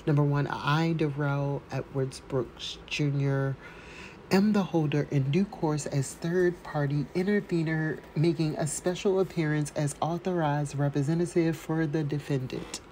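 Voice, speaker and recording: A woman vlogger reading documents aloud in a casual, chatty way, with quick asides between slow reading. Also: low voice, steady tone, dark tone, a little hiss or hum, poor audio. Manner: chatty, reads slowly then adds quick asides. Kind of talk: casual read-aloud with commentary.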